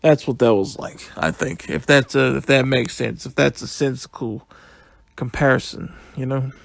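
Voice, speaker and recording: A man giving a casual, excitable solo review, retelling events in a rambling, chatty way. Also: mid-range voice, moderate pace, gravelly, no room sound.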